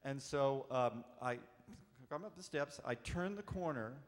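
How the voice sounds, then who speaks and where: A man, an actor, telling animated anecdotes at a convention panel, acting out the voices in his stories. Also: mid-range voice, unhurried. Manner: warm, animated storyteller acting out quotes. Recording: echoey convention hall.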